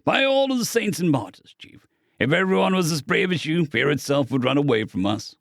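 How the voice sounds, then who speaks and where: A man voicing a gruff older male alien spacer with claws, speaking gently and reassuringly in a rumbling voice. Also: very animated, normal speed, no room sound, clean studio sound. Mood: proud.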